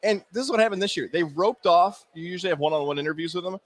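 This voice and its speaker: A man co-hosting a casual sports talk show, telling stories with animated energy and frequent laughter. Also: high-pitched, racing. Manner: animated storyteller, laughs often. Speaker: co-host.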